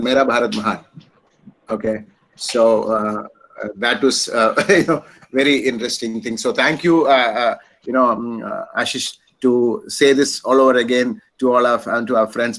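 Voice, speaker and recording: A man's voice: medium pitch, a bit bright, rough recording. A middle-aged man with an Indian English accent hosting, telling a story in a rambling way with many fillers. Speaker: host. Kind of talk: closing remarks and anecdote.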